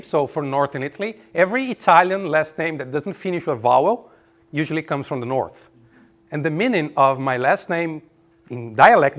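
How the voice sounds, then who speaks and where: A man from Brazil, giving a relaxed, joking conference presentation. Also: fairly high pitch. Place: conference room.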